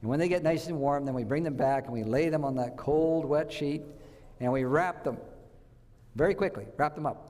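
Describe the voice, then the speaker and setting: A man's voice: fairly high pitch, moderate pace, dark tone, big-room sound. A man giving a health talk to a church audience, telling stories and quizzing his listeners. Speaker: health speaker.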